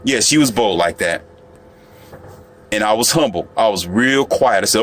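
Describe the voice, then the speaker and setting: A man's voice: lowish voice, a little fast, fairly bright tone. A man telling a story to the camera in a casual, boastful monologue, often turning to the viewer. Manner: boastful, chatty, addresses viewer directly. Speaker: vlogger.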